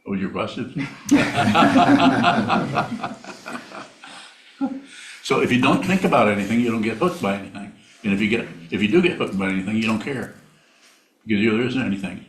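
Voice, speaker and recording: A male Buddhist meditation teacher giving a dharma talk with questions, speaking in a halting, plainspoken way and repeating words. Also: fairly low pitch, lively intonation, slight background noise. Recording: roomy hall sound.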